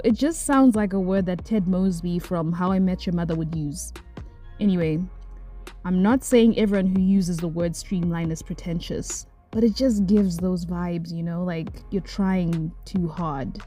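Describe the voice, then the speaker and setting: A young adult woman giving casual commentary, ranting about annoying words in a playfully exasperated, animated way. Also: mid-range voice. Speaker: vlogger.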